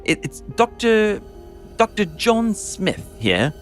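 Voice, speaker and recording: A fawning archaeologist in a tabletop game, posh and eager to please, stumbling over his words, as a player puts him on. His pitch swings widely, with faint music behind. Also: very animated, slow pace, exaggerated voice. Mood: ingratiating. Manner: posh, obsequious, stammering. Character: fussy, toadying archaeologist, man.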